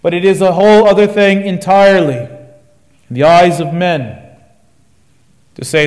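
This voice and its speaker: A man's voice: sits high, steady tone, moderate pace, pauses often, a little mellow. Man preaching in a reverberant church. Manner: rhetorical questions, declamatory. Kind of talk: sermon.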